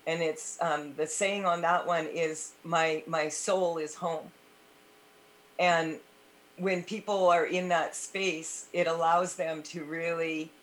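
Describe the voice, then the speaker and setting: Chatty woman hosting a talk radio show. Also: fairly low pitch. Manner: chatty, uses fillers like "you know" and "um". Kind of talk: casual radio interview.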